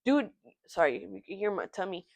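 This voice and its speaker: A young woman giving a tarot reading in an earnest, halting way, often moved by what she says. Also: mid-range voice, no room sound. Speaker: tarot reader. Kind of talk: pick-a-card tarot reading.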